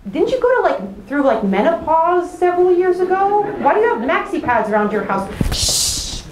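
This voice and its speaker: A young woman telling a comic story on stage, animated and sarcastic, at a live venue. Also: very high-pitched, a little fast, background noise.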